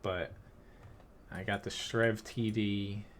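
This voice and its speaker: A man with a Philadelphia accent, chatting casually while streaming a tank game, rambling with lots of fillers and quick laughs. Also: on the low side, steady tone, slight background noise. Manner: rambling, filler-heavy, laughs between thoughts. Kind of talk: casual live-stream commentary.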